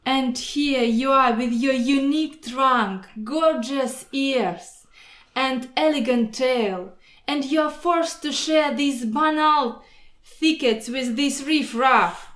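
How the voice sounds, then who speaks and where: A woman voicing a boastful, proud male mosquito who pitches himself like a salesman, grandiose and persuasive. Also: slow, fairly bright tone. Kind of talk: storybook voice acting. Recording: roomy echo.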